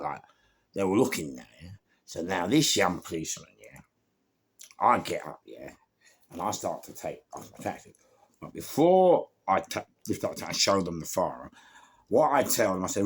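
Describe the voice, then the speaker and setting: A middle-aged man with a London accent, telling his life story in an animated, rambling way, full of street slang and acted-out quotes. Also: low voice, moderate pace, vocal fry, long pauses, husky. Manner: acts out other people's lines, laughs at his own story.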